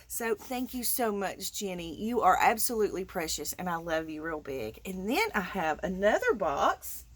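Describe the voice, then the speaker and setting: In a fairly low, very animated voice at a moderate pace, a middle-aged Southern woman from Georgia, USA, chats with her viewers. She's a crafting vlogger, casually and effusively unboxing her mail.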